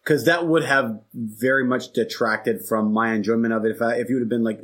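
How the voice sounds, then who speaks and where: A man in a casual film chat, relaxed and agreeable, sharing enthusiastic reactions at mid pitch. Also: fairly quick, hardly any pauses. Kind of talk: casual movie review chat.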